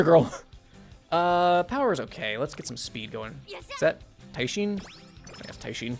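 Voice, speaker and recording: Chatty male streamer, very expressive pitch, giggly, faint chiptune bed. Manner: chatty, animated, giggly, swears casually. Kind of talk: casual gameplay commentary.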